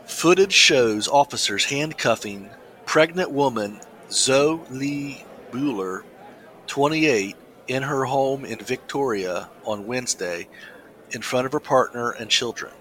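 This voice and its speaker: A man's voice: medium pitch, animated, a bit bright, poor audio. A man co-hosting a casual talk show, chatting with many restarts and reading a news story aloud. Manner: halting, many restarts and fillers. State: coughing, something in windpipe. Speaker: podcast co-host.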